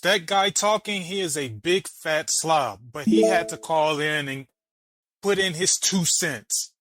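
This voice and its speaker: A channel host with a highish, unhurried, slightly bright voice reacts to a debate clip, arguing and mocking as he spells things out letter by letter. The recording is rough and dry, with faint music in the background.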